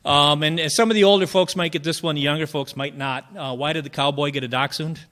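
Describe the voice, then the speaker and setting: Folksy open-mic joke teller, a man with a slightly high voice who rambles through setups. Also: steady tone, fast, fairly bright tone. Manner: folksy, rambling storytelling with fillers. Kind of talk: telling jokes at an open mic.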